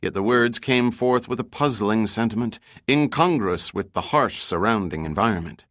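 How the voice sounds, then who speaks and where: A man giving measured, scripted audiobook narration of an adventure novel. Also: on the low side, no echo, studio quality. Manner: even, measured storytelling.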